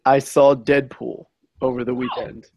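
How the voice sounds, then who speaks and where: A man's voice: medium pitch, flat delivery, unhurried, a little mellow, slight background noise. A young man co-hosting a podcast in casual chat, enthusiastic and playful. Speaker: podcast co-host.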